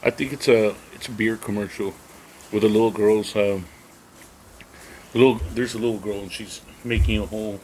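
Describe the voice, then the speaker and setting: A man co-hosting a podcast in casual chat, easygoing and quick to laugh. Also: fairly low pitch, steady tone, darkish tone, a little hiss or hum, poor audio. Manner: easygoing, laughs often, says dude. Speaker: podcast co-host.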